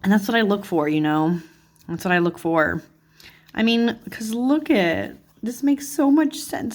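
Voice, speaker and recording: A woman's voice: fairly high pitch, lively intonation, unhurried. A woman hosting a chatty flip-through of a card deck, gushing and easily delighted, with lots of "like" and "oh my goodness". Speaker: tarot channel host.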